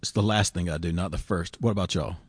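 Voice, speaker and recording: A man's voice: low-pitched, quick pace, husky, dry recording. A man, a pastor chatting casually in a discussion, telling stories in a folksy way and often repeating words as he starts a thought.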